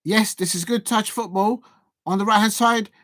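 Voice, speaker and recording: A man's voice: high voice, normal speed, dry recording, clean studio sound. A man hosting a fan watch-along of a football match, chatting and cheering at the action. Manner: excitable, cheers and pleads at the action, chatty asides. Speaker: football fan channel host.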